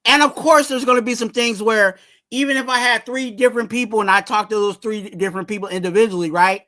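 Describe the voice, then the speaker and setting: A man's voice: high voice, fairly even intonation, fast talker, pushed and bright. A man hosting a fan channel, giving casual sports commentary in a rambling way and urging viewers to subscribe.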